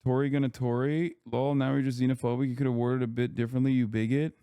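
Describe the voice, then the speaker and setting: A man's voice: medium pitch, flat delivery, very fast, warm tone, smooth, no room sound. A man hosting a live stream, reacting to clips with blunt, profane, sarcastic commentary. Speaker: streamer host.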